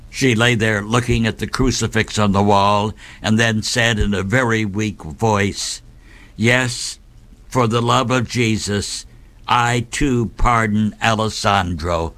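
Slow, low-voiced male storyteller. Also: a bit bright. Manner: measured, deliberate storytelling with dramatic pauses. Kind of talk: recounting a saint's life story.

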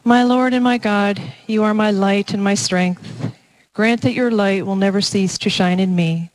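A woman presenting a scripted spiritual reflection and prayer for a parish mission in an earnest, gentle, prayerful way. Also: mid-range voice, steady tone, measured pace, low-quality recording.

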